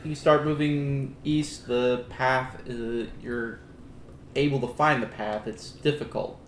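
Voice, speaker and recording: A man's voice: medium pitch, fairly even intonation. Laid-back male game master, roomy sound. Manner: laid-back, halting narration. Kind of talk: narrating a tabletop game. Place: room with the players at the table. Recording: roomy with faint noise.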